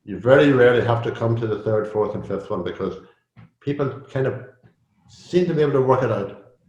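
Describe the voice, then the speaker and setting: A man's voice: medium pitch, lively intonation, a little fast, a little mellow, dull audio. An older man talks casually about coaching. He is chatty, repeats phrases and scatters "you know" through his speech, and his voice sits in the middle of the male range. The room around him sounds echoey. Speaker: executive coach, guest. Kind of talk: casual interview conversation. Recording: roomy echo.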